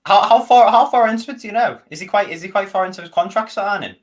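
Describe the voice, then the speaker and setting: Fast-talking young Scouse man. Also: sits high. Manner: fast, animated, rambling with many restarts. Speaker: fan channel co-host. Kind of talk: casual football chat.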